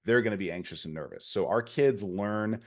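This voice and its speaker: A man's voice: lowish voice, moderate pace. A man talking as a podcast guest, explaining ideas at length in a casual conversation. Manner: explanatory, lecturing tone.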